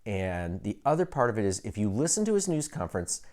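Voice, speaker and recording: Male physician, lower-pitched, animated and frustrated, casual update delivery. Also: fast talker. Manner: frustrated, animated, chuckles often. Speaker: physician giving video updates. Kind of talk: casual direct-to-camera update.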